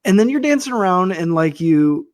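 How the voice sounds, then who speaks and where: A man's voice: high voice, very animated, moderate pace, no room sound, studio quality. A man co-hosting a casual podcast, wry and profane, talking in long rambling metaphors. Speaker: podcast co-host. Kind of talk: casual wrestling review chat.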